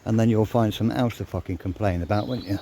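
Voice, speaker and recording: A man's voice: lowish voice, fast talker, gravelly, mellow, slight background noise. An older man talking casually to camera, blunt and swearing, a little out of breath. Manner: blunt, swears freely, grumbling. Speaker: vlogger. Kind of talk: casual ranting monologue.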